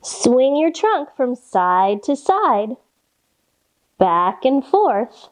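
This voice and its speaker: Slow, sing-song woman leading kids' yoga. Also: high voice, big pitch swings. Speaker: kids' yoga teacher reading a story. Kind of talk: storytime yoga lesson for children.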